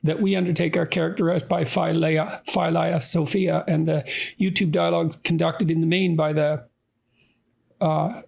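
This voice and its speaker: Creaky, husky high-voiced man. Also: flat delivery, moderate pace, darkish tone. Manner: earnest, thinking aloud. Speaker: podcast host. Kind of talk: intellectual conversation.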